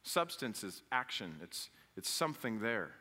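A man, a father, preaching a conversational sermon, putting questions to the congregation and jumping to loud emphatic peaks. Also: lowish voice, sing-song, measured pace. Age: adult father. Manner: talks directly to the congregation with questions.

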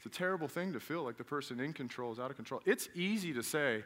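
A man preaching a casual, conversational sermon, his voice bright and forceful. He keeps turning to the congregation with questions, then jumps to loud, emphatic peaks. He sounds like a father speaking plainly to his church. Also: on the high side, sing-song, fast, few pauses. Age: adult father. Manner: talks directly to the congregation with questions.

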